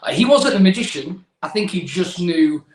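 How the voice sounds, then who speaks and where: A man's voice: high voice, expressive, normal speed, echoey room, slight background noise, rough recording. A young English man, a magician guest on a video call, telling his story in a chatty, self-deprecating way with many restarts. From England. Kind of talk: casual video-call interview.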